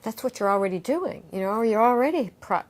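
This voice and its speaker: A middle-aged woman, a yoga teacher and author, talks in an interview in a lively, expressive way, acting out quoted voices and guiding breathing exercises. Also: on the high side, fairly quick. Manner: animated, acts out quoted voices, guides breathing.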